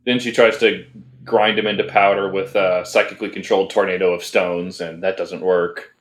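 A man's voice: deep voice, flat delivery, moderate pace, reverberant. A man co-hosting a casual anime review podcast, talking in a rambling, hesitant way with many fillers and restarts. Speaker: podcast co-host.

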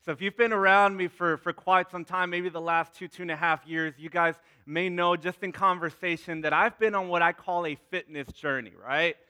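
Bright-voiced pastor in his thirties. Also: high voice, steady tone, moderate pace, hardly any pauses, clear, resonant tone. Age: 30s. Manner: repeats words, calls out to the congregation. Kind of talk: sermon with prayer.

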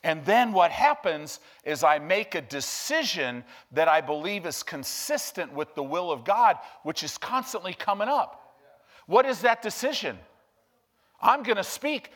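A male preacher giving an emphatic, animated sermon that swings from hushed to loud. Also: high voice, measured pace.

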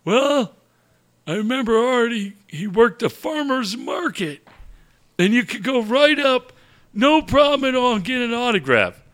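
A man's voice: very high voice, very animated, measured pace, fairly bright tone, full character voice. A man voicing a cranky old male caller who rambles about local nobodies in a quavering old-timer manner. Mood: rambling.

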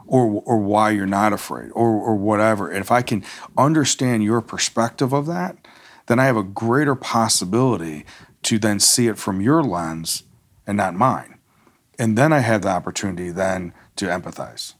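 A man's voice: on the low side, normal speed. A man who is a guest on a talk podcast, speaking thoughtfully and often repeating words as he works through an idea. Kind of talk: casual conversation.

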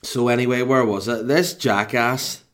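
A man's voice: medium pitch, fairly even intonation, normal speed, fairly bright tone. A man with a Scottish accent telling a rambling, sweary story at home with comic exasperation. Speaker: dad telling a story to camera. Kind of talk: casual rambling anecdote.

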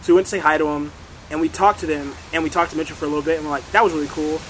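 A teenage boy in a band, chatting excitably in an interview and acting out what people said. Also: fairly high pitch, rapid-fire, a little hiss or hum, low-quality recording. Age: teens. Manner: excitable, acts out quotes, many fillers. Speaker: band member guest. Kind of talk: casual interview chat.

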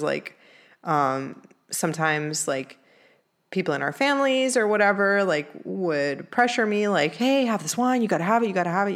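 A woman's voice: deep voice, a bit bright. A young woman telling a personal story in a candid, earnest way, with lots of "like" fillers. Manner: candid, heavy use of "like" fillers; earnest, emotional confessional tone.

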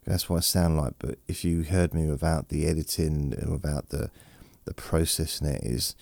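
A man's voice: extremely low pitch, fairly even intonation, moderate pace, gravelly, darkish tone, dry recording. A man hosting a bedtime podcast, rambling in a meandering, self-deprecating way, with his voice edited and processed to sound relaxing. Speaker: podcast host. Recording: processed close-mic studio voice.

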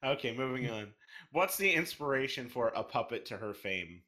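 A man's voice: mid-range voice, animated, normal speed, sharp tone. Man hosting a podcast interview. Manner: joking, reads out questions. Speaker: podcast host. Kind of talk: casual interview chat.

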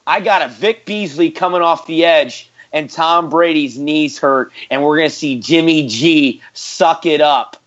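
A man co-hosting a sports podcast, boasting loudly with hot takes in casual banter. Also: fairly high pitch, unhurried, hardly any pauses. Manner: brash, boastful trash talk. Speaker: podcast co-host. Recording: dull lo-fi podcast audio.

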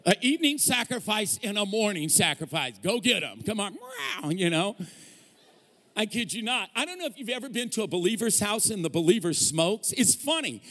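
A man's voice: high voice, sing-song, normal speed, sharp tone. A man preaching a sermon as a pastor, mixing jokes and stories with call-and-response to the congregation. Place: large church hall. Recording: long hall reverb.

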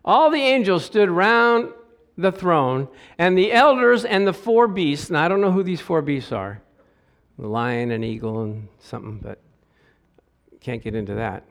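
A middle-aged man preaching a sermon with animated delivery, his voice climbing and getting louder as he reads scripture, with joking asides along the way. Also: high-pitched, unhurried. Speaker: pastor.

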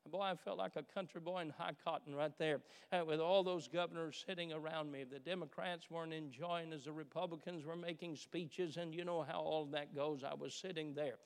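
A man preaching a sermon as pastor, animated, with many filler uhs and repeated starts, asking the congregation questions. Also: on the high side, fairly quick, few pauses, clear, resonant tone. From Kentucky, USA. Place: church sanctuary. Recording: church hall reverb.

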